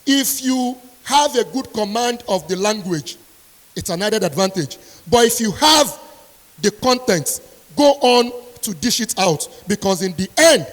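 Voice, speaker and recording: A woman's voice: medium pitch, animated, unhurried. A woman delivers a motivational speech as a strict university lecturer. She is emphatic and repeats her key points for weight. Her voice rings with the long reverb of a large hall.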